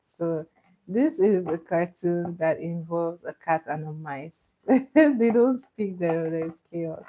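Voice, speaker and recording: Young woman, quiz host, casual trivia, low-ish voice, laughs often, lo-fi recording. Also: dark tone. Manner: laughs often, repeats questions slowly.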